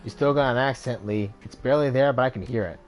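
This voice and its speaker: A man's voice: medium pitch, fast, soft background music, lightly acted. A man voicing a blunt mercenary hero. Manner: blunt and pushy.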